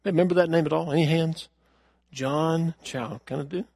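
A man preaching a sermon, telling a story earnestly and asking the congregation questions, moving from loud emphasis to hushed lines. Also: fairly high pitch, fairly even intonation, normal speed, gravelly, husky, dry recording, clean studio sound. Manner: addresses the congregation directly with questions. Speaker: pastor.

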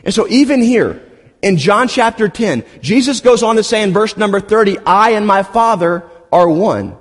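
A man's voice: high voice, expressive, moderate pace. A man preaching a sermon, retelling scenes with playful asides and humor. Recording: long hall reverb.

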